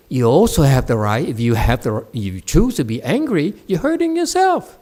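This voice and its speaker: A man's voice: medium pitch, big pitch swings, moderate pace, few pauses, a little mellow. A man, a Buddhist monk, giving a dharma talk to his class in a blunt, scolding and mocking way. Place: meditation center.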